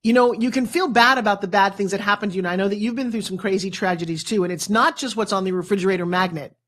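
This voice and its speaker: A woman in her fifties, a motivational speaker, telling a personal story as a talk show guest with dramatic, animated delivery. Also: mid-range voice, fast. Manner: animated, dramatic storyteller who acts out quotes.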